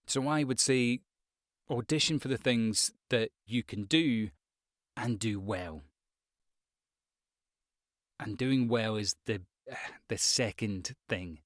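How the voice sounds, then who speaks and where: A man talks frankly and conversationally, giving career tips from his own voice-over work. His pitch sits in a middle range for a man, and the sound is dry and close, with no room echo. He speaks casually, with small asides and fillers. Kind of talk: casual advice talk to camera.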